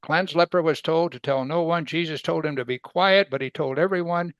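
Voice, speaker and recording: In a dry, lo-fi recording, a Bible teacher with a voice on the high side preaches briskly in a conversational style. He poses rhetorical questions and acts out quoted voices with sudden loud, excited bursts.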